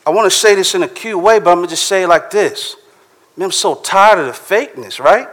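A man's voice: sits high, animated, fairly bright tone. Man preaching. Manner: conversational preaching, reads scripture slowly. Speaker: pastor. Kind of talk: sermon.

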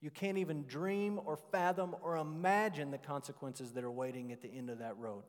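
Pastor preaching in a reverberant hall. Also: male voice, fairly high pitch. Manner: animated, emphatic preaching with drawn-out stressed words. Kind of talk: sermon.

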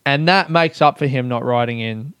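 A man's voice: medium pitch, normal speed, fairly bright tone, smooth, dry recording, studio quality. A young man, hosting his own podcast in loose, rambling chat, swearing and laughing at himself as he goes. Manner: rambling, swears, laughs often, self-mocking. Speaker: podcast host. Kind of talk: casual solo podcast chat.

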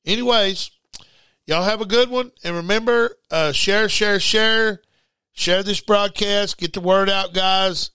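High, bright-voiced preacher man. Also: measured pace, smooth, dry recording. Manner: animated, repeats words, bursts into shouting. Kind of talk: informal broadcast sermon.

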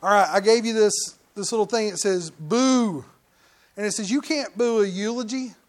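A middle-aged man preaching a conversational sermon as pastor, breaking into loud mock outbursts now and then. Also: high-pitched, fairly quick.

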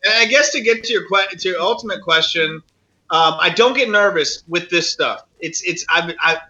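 A man's voice: sits high, normal speed, pushed and bright, muffled recording. A male actor guest on an interview, telling stories animatedly and acting out quoted voices, with many restarts. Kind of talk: casual storytelling interview.

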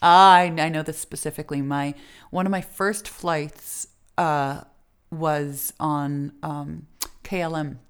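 A middle-aged woman speaking as an interview guest, her voice a touch low. She tells her stories in a chatty way, with plenty of fillers and laughs along the way. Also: fairly even intonation, takes it slowly, clear, resonant tone. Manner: chatty, many fillers, laughs while telling. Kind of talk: casual interview storytelling.

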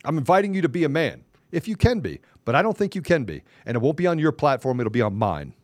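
A man with a high, lively voice, hosting a podcast and launching into a combative, taunting rant. He hammers his points with repeated phrases and mild cursing. The recording is dry and close, with no room sound. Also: fast, dry recording. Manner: curses mildly, repeats phrases for emphasis. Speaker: podcast host.

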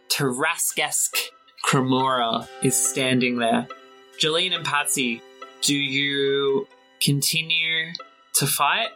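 A man narrating a tabletop game as game master and podcast host, in measured descriptive narration. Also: medium pitch, low-quality recording. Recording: soft music under the voice.

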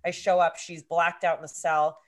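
A woman's voice: fairly low pitch, moderate pace. A woman in her thirties co-hosting a podcast, telling a story with lots of swearing and energy. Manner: animated storytelling, heavy swearing. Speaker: podcast co-host. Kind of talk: casual chat.

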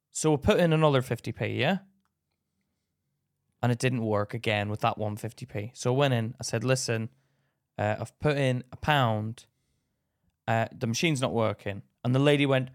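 This man's mid-range voice moves at normal speed as he co-hosts a podcast. Animated in casual chat, he tells a story and performs the voices of the other people in it.

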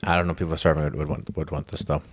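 A man's voice: extremely low pitch, flat delivery, rapid-fire. A man chatting on a podcast, blunt and joking. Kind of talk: casual chat.

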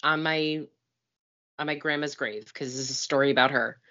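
Low-voiced woman telling a story. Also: fairly even intonation, moderate pace, bright, forceful tone, highs cut off. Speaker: podcast co-host. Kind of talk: casual chat and storytelling.

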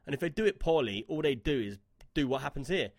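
A man's voice: medium pitch, lively intonation, fast, no echo, studio quality. A man co-hosting a casual gaming podcast, chatty and given to telling stories and reading out chat comments. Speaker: podcast co-host.

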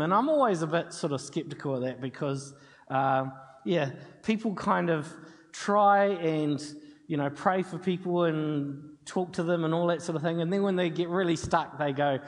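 A man's voice: fairly high pitch, moderate pace. A man preaching a sermon, telling a story in a chatty way and acting out the dialogue. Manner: conversational storytelling with quoted dialogue. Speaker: pastor. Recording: long hall reverb.

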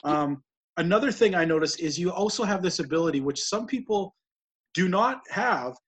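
Husky-voiced male interview host. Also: high-pitched, animated, moderate pace. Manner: rambling, admiring, with many restarts. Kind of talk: casual interview talk.

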